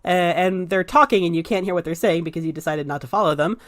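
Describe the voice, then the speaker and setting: A woman game master narrating a tabletop game. She rambles, fills pauses with um and uh, and swears casually as she describes the scene. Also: on the low side.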